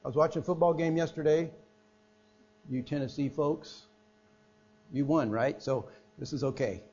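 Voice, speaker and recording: A middle-aged man preaching a sermon, swinging between loud emphatic stresses and quiet, hushed phrases. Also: a little high, normal speed, slightly rough. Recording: dull lo-fi sound with mains hum.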